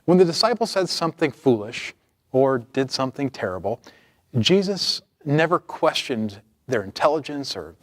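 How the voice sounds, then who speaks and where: Male pastor, mid pitch, measured sermon delivery, dry close-miked sound. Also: a bit bright, dry recording. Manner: measured preaching, reading scripture aloud.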